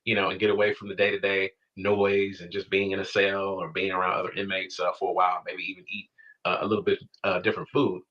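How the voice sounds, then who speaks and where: A man who worked in prisons, explaining in a news interview with a measured manner and many fillers. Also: sits low, monotone. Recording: dull lo-fi news clip.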